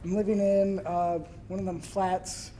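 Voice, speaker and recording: A man's voice: high-pitched, flat delivery, a little slow, mellow, slight background noise. A man volunteering on stage at a seminar, answering in short, hesitant phrases, off the mic. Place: seminar room, away from the mic.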